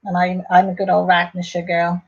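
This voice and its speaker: A woman's voice: on the low side, completely flat delivery, fairly quick, dull audio. An English woman hosting a casual live stream, chatting and reading out viewer comments in a rambling, affectionate way.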